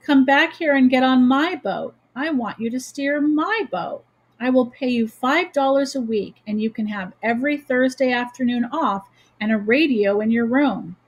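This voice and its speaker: A sulky twelve-year-old boy calls out orders in a loud, bossy way, voiced by a woman reading aloud. The tone is raised and slightly husky, in a storybook telling. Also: a little high, normal speed, muffled recording, lightly acted. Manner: bossy, calling out loudly.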